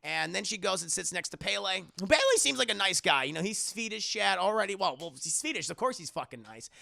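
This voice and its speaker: A man with a high, gravelly and very bright voice recaps a movie in a rambling, swearing, animated way, talking straight to his co-host. The room is small and completely dry, with no echo. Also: fairly quick. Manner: profane, rambling, animated, addresses co-host directly. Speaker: movie reviewer. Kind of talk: casual comedic movie recap.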